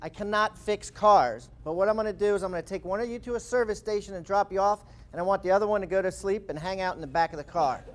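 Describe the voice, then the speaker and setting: A man doing a brisk state trooper. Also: high-pitched, natural voice.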